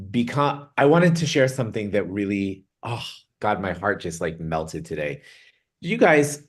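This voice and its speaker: A man with a very low voice opens a group meditation over a home video call. He speaks earnestly and reflectively, often slowing down to let key words land. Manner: earnest, reflective, slows down for emphasis. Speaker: meditation guide. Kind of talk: spiritual talk opening a group meditation.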